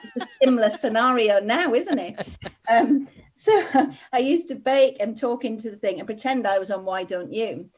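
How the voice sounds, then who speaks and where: A woman in her forties from Middlesbrough, telling stories as a podcast guest in lively casual chat. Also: fairly high pitch, normal speed, slight background noise. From England (Middlesbrough). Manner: lively storyteller, laughs often. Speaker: guest, TV presenter.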